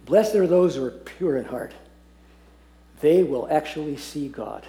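A man teaching a Bible passage to a group, earnest and often laughing, slowing down to read verses aloud. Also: fairly high pitch, expressive, dark tone. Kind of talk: teaching talk on scripture. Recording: echoey room.

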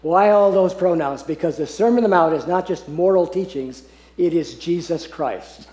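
Man, Bible teacher, earnest, mellow voice, slightly high, echoey room. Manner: earnest, laughs often, slows to read verses aloud. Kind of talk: teaching talk on scripture.

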